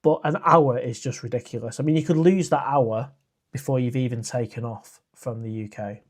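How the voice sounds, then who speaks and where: A man with a mid-range, slightly mellow voice speaks at a moderate pace while hosting a casual live stream. He reads viewer comments aloud and responds in a chatty, rambling way, with frequent "uh"s and restarts.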